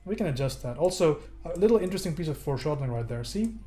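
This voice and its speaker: A man's voice: fairly high pitch, animated, very fast, warm tone, faint music behind. A man streaming a casual digital painting lesson, joking with his viewers as he works. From United States. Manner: casual, joking, talks to chat while painting. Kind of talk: live-stream painting tutorial, chatting with viewers.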